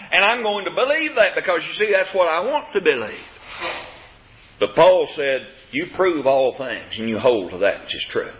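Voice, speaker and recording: A preacher delivers a sermon with lively, swooping pitch and a bright, forceful tone. He leans hard on key words and reads the old scripture in measured cadence. The recording is dull and lo-fi. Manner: emphatic, rising to forceful stresses on key words. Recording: dull lo-fi sound.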